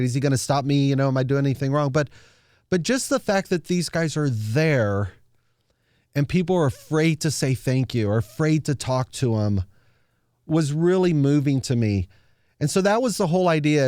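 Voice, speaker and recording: A man's voice: on the high side, no room sound, clean studio sound. A man telling an emotional, earnest story in a motivational talk, often repeating words as he goes. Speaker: speaker sharing a founder story.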